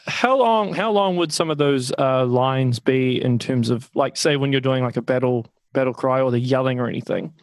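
A man's voice: medium pitch, moderate pace, few pauses, no echo. A man hosting a podcast interview, asking curious questions and rephrasing them as he goes. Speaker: podcast host. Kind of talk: casual interview.

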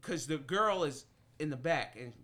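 Young male podcast host, fairly high voice, bright and forceful, tells stories casually with lots of slang and cursing. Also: measured pace. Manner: animated and slangy, swears freely, gets loud when outraged. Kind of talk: casual storytelling chat.

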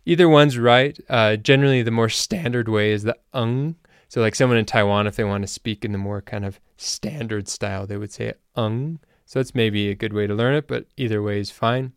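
A man hosting a language-learning podcast, explaining things in a relaxed, casual way with loose fillers. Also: lowish voice, a little fast, hardly any pauses, clean tone, no echo, studio quality. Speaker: language teacher and podcast host. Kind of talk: casual spoken lesson.

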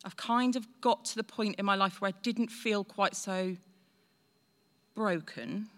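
A woman's voice: mid-range voice, a little slow. A woman in her forties telling a personal story in a chatty, self-deprecating way. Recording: long hall reverb.

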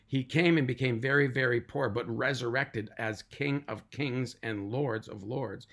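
A middle-aged man preaches a podcast sermon at an unhurried pace, with a gravelly edge to his voice. He lingers on each word and stacks up emphatic lists. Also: mid-range voice, fairly bright tone. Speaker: pastor.

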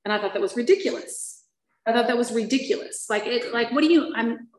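A woman's voice: fairly high pitch, brisk. A middle-aged woman sharing her recovery story with an audience. She tells it candidly and with self-mocking humor, and she falters with fillers and restarts at the painful parts. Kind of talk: personal testimony to a listening audience. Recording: echoey room.

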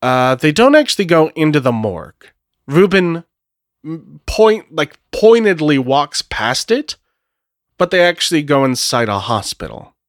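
A man's voice: on the high side, sing-song, unhurried, no echo, studio quality. A man narrating a solo tabletop role-playing game, thinking aloud in a casual way and swearing now and then. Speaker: game master.

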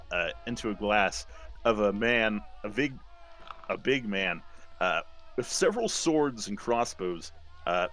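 Halting male game master, bright voice. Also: on the low side. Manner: halting, many fillers. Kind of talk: narrating a tabletop game.

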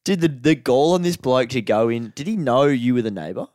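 A man's voice: mid-range voice, expressive, a little fast, darkish tone, no room sound. A man, co-hosting a casual podcast with short, teasing, dry replies. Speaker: podcast co-host.

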